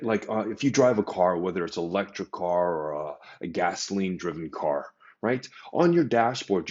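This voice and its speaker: A man giving a motivational talk to professionals in an emphatic, animated way, stressing key phrases. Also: fairly low pitch, lo-fi sound.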